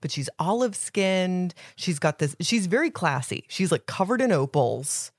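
A woman with a notably low voice co-hosts a casual book podcast, talking eagerly and laughing often. The sound is dry and close to the mic, with no room echo. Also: very animated, normal speed. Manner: chatty, enthusiastic, laughs often. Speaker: podcast co-host.

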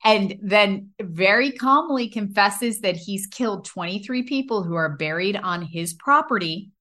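A woman co-hosting a podcast in relaxed, casual chat. She talks with eager enthusiasm and swears freely. Her voice sits at a middle pitch. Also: unhurried. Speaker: podcast co-host.

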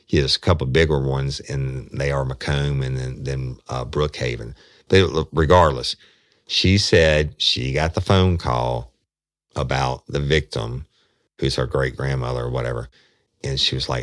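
A former detective telling a true crime story in a rambling, folksy way, swearing casually. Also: male voice, rumbling low, fairly bright tone, dry recording, clean studio sound.

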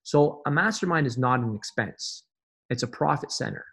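Guy on a podcast pumping people up, punchy and repetitive, steady middle voice. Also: medium pitch, normal speed, vocal fry, breathy edge. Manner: emphatic, motivational, repeats phrases for effect. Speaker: podcast guest, fitness business coach. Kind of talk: conversational interview.

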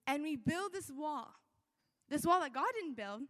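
High-voiced young woman preaching in an echoing hall. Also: fairly quick, a bit bright. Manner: conversational, earnest, with many fillers. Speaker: church speaker. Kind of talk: sermon. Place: church hall. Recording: long echo of a large hall.

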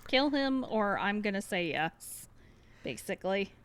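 A woman in a mid-range voice co-hosting a relaxed podcast chat. She laughs easily and jumps in with quick jokes. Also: medium pitch, smooth. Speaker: podcast co-host. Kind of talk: casual book discussion.

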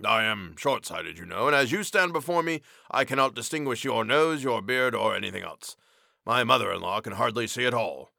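A man voicing a short-sighted older police official with gray whiskers, speaking slowly and matter-of-factly in a storybook reading. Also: medium pitch, animated, gravelly, bright, forceful tone, dry recording, clean studio sound. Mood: calm.

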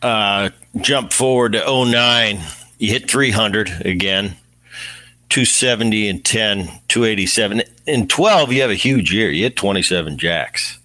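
Low, bright-voiced podcast host. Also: male voice, unhurried. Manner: long leading questions that recite stats. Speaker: podcast host, former baseball player. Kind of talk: interview questions.

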